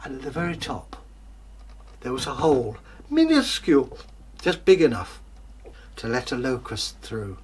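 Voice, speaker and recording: A man telling a fairytale aloud as a storyteller and host, lively and chatty, with joking asides. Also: medium pitch, moderate pace, long pauses, breathy edge.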